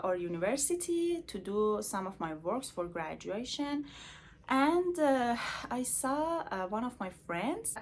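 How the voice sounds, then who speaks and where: A young woman with an Iranian accent telling a personal story in a vlog, pausing often on filler sounds. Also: medium pitch, slight background noise. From Iran. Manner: hesitant, many filler sounds. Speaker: vlogger.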